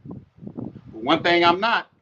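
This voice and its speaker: Male podcast host, high pitch, blunt profane preachy rant, muffled noisy recording. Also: slow. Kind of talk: ranting monologue. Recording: muffled with loud noise.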